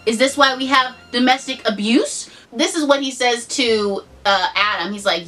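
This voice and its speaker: Animated sarcastic young woman vlogger. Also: on the high side, moderate pace, few pauses, distant mic. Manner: animated, sarcastic, swears, lots of "like". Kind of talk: casual chat to camera.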